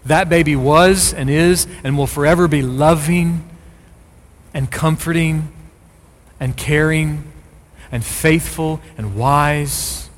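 A middle-aged man preaching a sermon as a pastor, speaking with rising, forceful emphasis on key phrases. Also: fairly high pitch, slow pace, long reverb tail.

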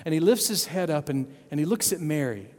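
Man, children's sermon, playful storyteller, fairly high voice, long reverb. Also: brisk. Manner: playful, animated storytelling with frequent "okay?" check-ins. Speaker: preacher telling a Bible story.

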